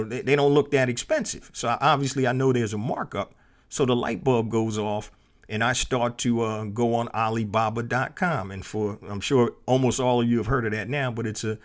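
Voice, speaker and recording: Chatty male podcast host telling a story. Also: medium pitch. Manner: conversational, frequent fillers and restarts.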